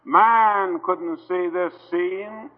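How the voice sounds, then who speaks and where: A man preaching an old-time gospel sermon to a gathering in a hall, slow and earnest, pleading with his listeners through long pauses. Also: high-pitched, fairly even intonation. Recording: tinny old hall recording.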